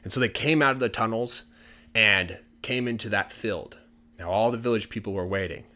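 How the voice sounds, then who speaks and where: A man casually telling a folk tale for English learners in a relaxed, chatty way with many fillers. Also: fairly low pitch, moderate pace. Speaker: storyteller.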